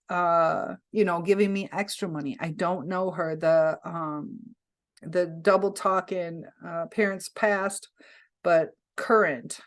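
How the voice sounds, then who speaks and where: A woman vlogger casually telling a story to camera, chatty and rambling, often pausing and correcting herself. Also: fairly low pitch. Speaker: vlogger recounting a scam attempt.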